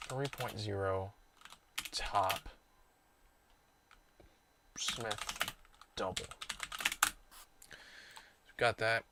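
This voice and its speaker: The recording is very noisy. A low-voiced man speaks very slowly with long pauses, reacting excitedly to a live baseball game on his stream and muttering self-reproaches while sorting clips.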